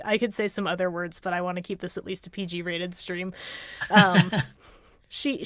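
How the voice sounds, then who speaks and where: A woman on a casual livestream, recounting fantasy lore in an animated storytelling manner with wry asides. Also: lowish voice, no room sound, clean studio sound. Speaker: guest lore commentator.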